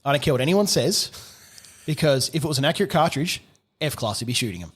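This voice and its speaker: A middle-aged man, a gunsmith telling a story on a podcast, animated, swearing and laughing often. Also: mid-range voice, fast, slightly rough. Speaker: gunsmith guest.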